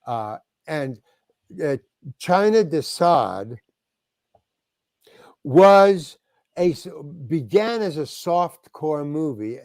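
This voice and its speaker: A man's voice: fairly high pitch, darkish tone, no room sound. An older man from New York, a guest actor telling stories in a rambling way, full of restarts and acted-out lines from other people. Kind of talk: casual interview storytelling.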